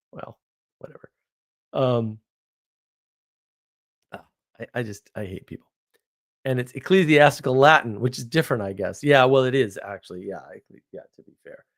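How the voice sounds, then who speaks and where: An American man in his forties telling rambling stories in a casual monologue, sarcastic, with mock outrage and animated asides. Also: mid-range voice. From United States. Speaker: podcast host.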